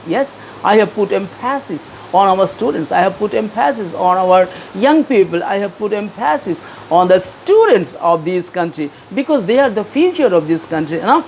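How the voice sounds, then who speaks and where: A man's voice: high voice, lively intonation, normal speed, few pauses, a little hiss or hum. A middle-aged man, interviewed as an author, answers earnestly and hesitantly with many fillers and repeats, and reads aloud from his book.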